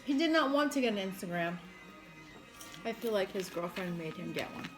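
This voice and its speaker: A woman's voice: medium pitch, animated, moderate pace, over music, rough recording. A woman hosting a casual eating stream, chatty and swearing freely as she tells stories. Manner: chatty storyteller, swears casually, laughs often. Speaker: mukbang host. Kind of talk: casual chat while eating.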